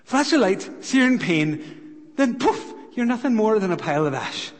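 A man's voice: sits high, big pitch swings, moderate pace. A man voicing a small, timid male hobbit who stammers and sounds breathless with fright, in a reverberant hall. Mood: frightened. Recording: long reverb of a large hall.

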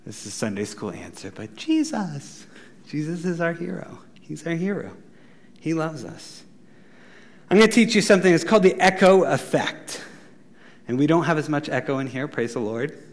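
A middle-aged man delivers a sermon in a slightly higher voice than most men. He is animated and playful, slipping into quoted voices. He laughs at his own jokes as he goes. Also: normal speed. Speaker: pastor.

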